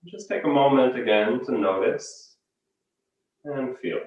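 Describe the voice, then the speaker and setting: A male yoga teacher guides a breathing practice with calm, unhurried cues. His voice sits at an ordinary middle pitch. It sounds distant and booms around a very echoey room. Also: dull audio.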